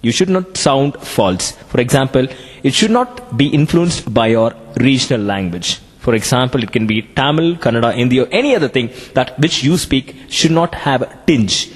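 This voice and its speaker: A man with an Indian English accent, giving a classroom lecture on communication skills in an animated way. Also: mid-range voice, moderate pace, slightly rough, long reverb tail.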